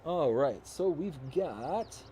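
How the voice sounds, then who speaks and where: A man's voice: fairly high pitch, animated, takes it slowly, warm tone. Upbeat young male streamer from the US South, casual and rambling, faint background noise. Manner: upbeat, rambling, reads chat aloud. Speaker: livestream host. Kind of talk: casual live-stream chat.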